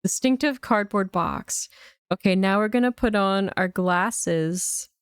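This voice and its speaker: A woman's voice: medium pitch, slow pace, smooth, no room sound, clean studio sound. A woman streamer chatting with her viewers while playing a game, playful and giggly, with crude jokes, on a desk mic. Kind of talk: live-streamed game playthrough chat.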